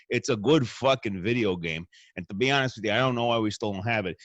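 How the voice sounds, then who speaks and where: A man's voice: on the low side, fast talker, hardly any pauses, fairly bright tone, no room sound. A man guest-hosting a show with a crude, rambling and boastful comic monologue from a hotel room. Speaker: stand-in host.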